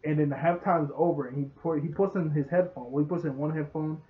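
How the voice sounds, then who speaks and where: A chatty man recaps a show, laughing often and breaking into bits of acted dialogue. His voice sits a little higher than average. The sound is thin and tinny, like a phone line. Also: quick pace. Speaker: show reviewer. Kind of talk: casual recap.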